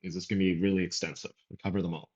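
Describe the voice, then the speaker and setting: A man's voice: low voice, flat delivery, racing, darkish tone, muffled recording. A man doing casual reaction commentary, rambling and talking over the clip he is playing. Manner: rambling, conversational, talks over clips.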